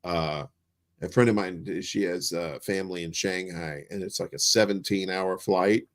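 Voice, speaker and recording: A man's voice: low-pitched, fairly even intonation, normal speed. A man co-hosting a podcast, joking around in casual, profane banter from a remote setup. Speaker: podcast co-host. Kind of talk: casual comedic chat. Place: Chicago home setup, remote.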